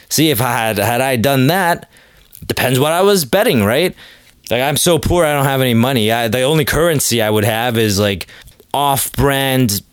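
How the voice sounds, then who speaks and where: A young man riffs through a solo podcast, wandering from point to point with sarcastic, self-deprecating humor. His voice sits in an ordinary middle pitch. The recording is dry and close, with no room sound. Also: no room sound. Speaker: podcast host. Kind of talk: casual solo podcast rant.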